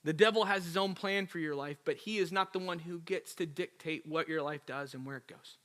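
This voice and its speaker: A male pastor preaching an energetic, emphatic sermon with storytelling. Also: a little high, a little fast.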